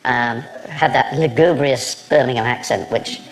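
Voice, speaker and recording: A man in an interview, explaining slowly and in a measured way. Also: mid-range voice, vocal fry, noisy background. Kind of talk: reflective interview.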